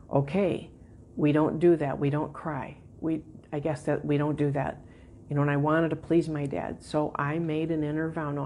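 Low gravelly woman teaching. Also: slight background noise. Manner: conversational storytelling with soft laughs and restarts. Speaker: Christian teacher. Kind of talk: personal testimony in a teaching session.

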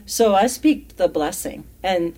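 A woman's voice: lowish voice, expressive, a little slow. Emphatic woman leading a Bible study. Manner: emphatic, rising and louder when reading verses aloud. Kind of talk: casual Bible teaching.

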